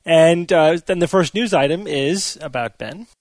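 A man hosts a casual chat podcast, talking through the news in an unhurried, explanatory way. His voice has a gravelly edge to it. The recording is dry and close, with no room sound. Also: a little high, a little mellow, no room sound. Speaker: podcast host.

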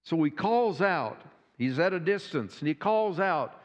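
A man preaching a sermon, retelling a story dramatically with repeated phrases and pauses. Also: a little high, expressive. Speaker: pastor. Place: church sanctuary. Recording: dull sound with long hall reverb.

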